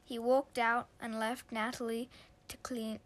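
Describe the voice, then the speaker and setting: A woman's voice: on the high side, flat delivery, unhurried. A woman telling a story in a loose, improvised way, with fillers and restarts.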